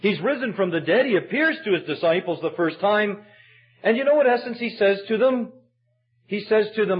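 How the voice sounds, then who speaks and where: A man's voice: sits high, expressive, normal speed, slightly rough. A man preaching a sermon as pastor, telling the story with emphatic, dramatic delivery. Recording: dull lo-fi sermon recording.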